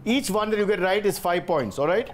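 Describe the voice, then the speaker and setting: Man, Indian English accent, quiz show host, playful, teasing, high-pitched. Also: expressive, slight background noise. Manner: playful, teasing, quick asides. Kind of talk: joking game show hosting.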